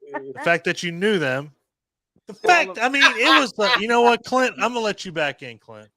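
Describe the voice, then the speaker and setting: A man's voice: high voice, sing-song, normal speed, sharp tone. Profane, joking man hosting a hangout. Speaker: host of a live online hangout. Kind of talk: casual chat.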